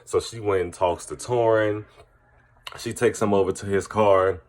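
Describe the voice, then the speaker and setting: A man's voice: fairly low pitch, fairly even intonation, unhurried. A man recapping a reality TV episode to camera, blunt and profane in an opinionated, casual way. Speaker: TV recap commentator.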